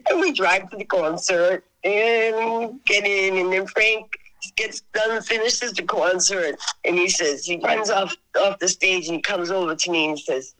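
A woman with a bright, forceful voice tells stories in a casual interview. She rambles with lively energy and breaks into laughter often. She sounds like the rock singer she is. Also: mid-range voice, measured pace, low-quality recording.

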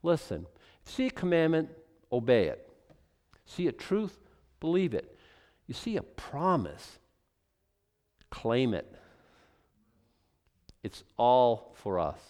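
A man preaching a sermon in an animated, excitable way, often stopping and restarting his sentences. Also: medium pitch, slow pace, long pauses, in a large hall. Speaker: pastor.

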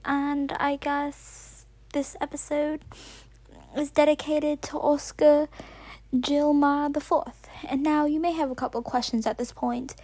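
A woman's voice: high voice, flat delivery, a little slow, warm tone, dry recording. A woman hosting a podcast in a put-on British accent, rambling nervously with whispered asides and self-corrections. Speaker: podcast host. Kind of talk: casual rambling monologue.

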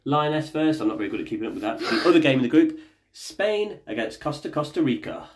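A man's voice: fairly high pitch, lively intonation, fast talker. A man hosting a casual family podcast as the dad, chatty and jokey, leading the talk with questions.

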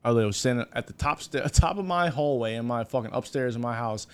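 A young man with an ordinary mid-pitched voice swaps stories on a podcast in an easygoing, profane way. He talks loosely and laughs often between his lines. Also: a little fast, clean tone. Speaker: podcast co-host. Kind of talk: casual chat.

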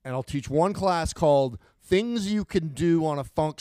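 A middle-aged man co-hosting a casual podcast chat, animated and rambling, with lots of restarts. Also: fairly high pitch, unhurried, clean tone, no room sound. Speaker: podcast co-host.

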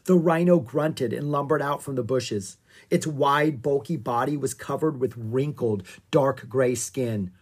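A reader narrating a children's adventure book at an unhurried pace. The voice is soft and breathy, and the telling stays calm and even. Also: mid-range voice. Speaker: audiobook reader.

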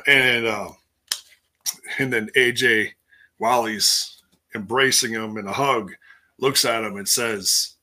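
A man chatting casually on a live stream, taking his time with an unhurried pace. His voice is bright and forward, and he rambles with plenty of "um"s and restarts, stopping now and then to answer viewer comments. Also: medium pitch, expressive. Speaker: live stream host recapping wrestling. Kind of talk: casual chat.

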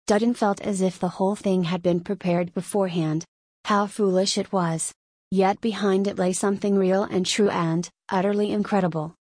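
Woman, audiobook narrator, measured storytelling, dry close sound. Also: mid-range voice, fairly even intonation, a little mellow, no echo.

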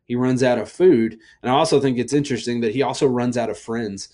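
A man's voice: mid-range voice, quick pace, darkish tone. A young adult man giving a casual sermon as a youth pastor, chatty and full of asides and fillers.

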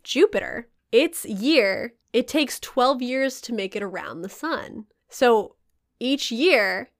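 Animated, swearing woman podcast host. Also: slow pace. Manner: animated storyteller, swearing, big pitch jumps when excited. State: sore throat. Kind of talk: casual chat.

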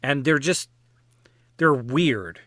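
Podcast guy with a bright sharp voice, dry close sound, wry and chatty about a movie. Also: medium pitch, lively intonation, slow pace, no echo. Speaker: podcast guest or co-host. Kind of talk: casual film discussion.

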